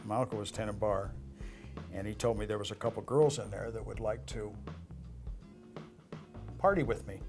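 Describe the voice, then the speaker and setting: A man's voice: on the low side, steady tone, normal speed, vocal fry, long pauses, music in the background. An older man, a former casino dealer from Las Vegas, telling rambling anecdotes in an interview, with frequent filler uhs. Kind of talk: storytelling interview.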